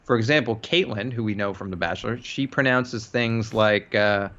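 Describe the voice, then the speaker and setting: A man's voice: lowish voice, pushed and bright, dull audio. A man from Canada co-hosting a podcast in casual chat, easygoing and agreeable. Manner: easygoing, agreeable, quick to say yeah. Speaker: podcast co-host.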